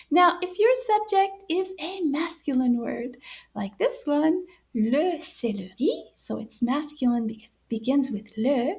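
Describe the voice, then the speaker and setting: High-voiced woman teaching to kids. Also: vocal fry, a little mellow. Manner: slow, careful pronunciation drills. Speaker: French teacher. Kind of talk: kids' language lesson.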